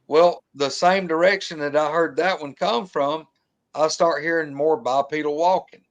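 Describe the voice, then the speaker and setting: A man with a drawl recounts a tense outdoor encounter in relaxed, colloquial talk. His voice sits somewhat high for a man. He gets animated and imitates the sounds he describes. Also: normal speed, highs cut off. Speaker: guest telling an encounter story. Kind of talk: casual storytelling.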